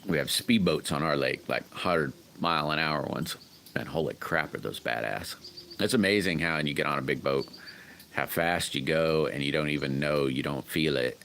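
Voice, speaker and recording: A man chats loosely on his livestream, wandering from story to story and calling out viewers by name. His voice sits very low, and a faint hum of room noise runs behind him. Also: normal speed, vocal fry, fairly bright tone. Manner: rambling, folksy, greets chat by name. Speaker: livestream host chatting with viewers. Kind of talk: casual livestream chat.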